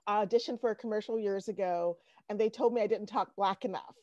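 A woman from Iowa hosting an interview, chatting casually and pausing often with "um". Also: mid-range voice, mellow, no room sound. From Iowa, USA. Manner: chatty, many "um" pauses. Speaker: interviewer, host. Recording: dry muffled audio.

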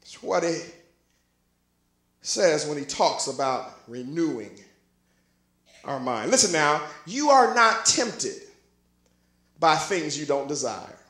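A man preaching a live sermon as bishop, joking with the congregation in a chatty way and building to shouted emphasis. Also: a little high, big pitch swings, slow, long pauses. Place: church sanctuary with congregation. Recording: echoey church recording.

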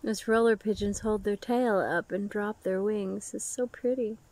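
A woman's voice: medium pitch, steady tone, measured pace, a little mellow. A woman who cares for rescued birds chats outdoors with her pet bird, cooing praise at it. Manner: doting, coos praise at the bird. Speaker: bird sanctuary caretaker. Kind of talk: casual chat with a pet bird. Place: outdoors in the sun. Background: birds calling and cooing.

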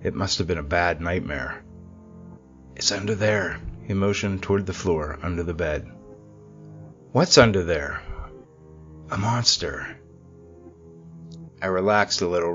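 A man narrating a scripted horror story in a measured, steady way. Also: deep voice, highs cut off.

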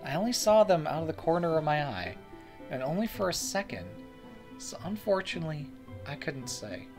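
Secretive nurse sharing rumors; lively pitch, a man reading. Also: moderate pace, music in the background. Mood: confiding. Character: secretive, gossipy hospital nurse.

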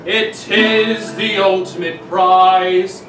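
A man voicing a stern father who solemnly lectures his son in a booming voice. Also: steady tone, drawn-out words. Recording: echoey room, distant mic, loud guitar.

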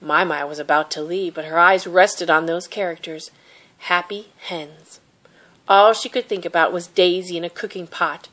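Woman narrator, lowish voice, gentle expressive picture-book read-aloud. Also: fairly quick, few pauses. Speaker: storybook reader.

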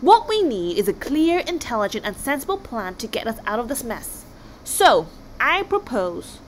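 A woman voicing a boastful, thick-headed male Viking king, loud and pompous. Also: on the high side, sing-song, fairly quick, a little hiss or hum. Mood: blustering.

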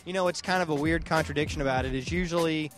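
A man hosting a comic street interview show outdoors, delivering dry, mock-serious jokes in a deadpan manner. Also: a little high, fast, faint music behind. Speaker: comedy show host and interviewer. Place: outdoor festival grounds.

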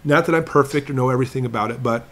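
A man hosting a prepping live stream, answering viewer questions in a talkative, emphatic lecturing manner that slows down to stress points. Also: mid-range voice, fairly bright tone. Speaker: prepping channel host.

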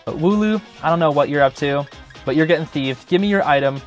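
A man's voice: fairly high pitch, quick pace, faint music behind. A young man hosting a gaming channel, giving chatty, joking gameplay commentary full of filler words.

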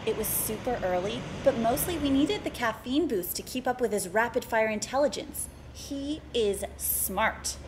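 A woman's voice: fairly high pitch, expressive, normal speed, roomy sound, noisy background. A young woman hosting an interview show in a bubbly, playful valley-girl way. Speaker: show host.

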